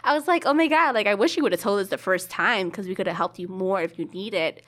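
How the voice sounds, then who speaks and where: Animated woman telling family stories. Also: medium pitch, a little fast. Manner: animated storyteller acting out family conversations. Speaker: podcast co-host. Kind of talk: casual chat.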